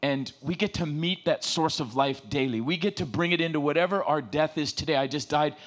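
Middle-aged male preacher, slightly high voice. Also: brisk. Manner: lively, joking, paraphrases scripture in everyday slang. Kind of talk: casual sermon.

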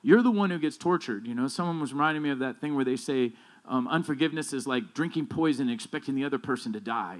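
Fast and animated, this male pastor delivers his sermon conversationally, wandering with asides and restarts. Whenever he stresses a key point, he grows emphatic, getting louder and higher.

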